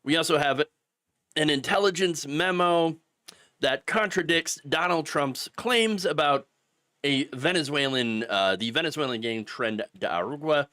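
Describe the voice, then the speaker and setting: A man with the hiccups hosts a political commentary live stream, speaking casually and frequently restarting his sentences. His medium-pitched voice sounds pushed and bright, with no echo.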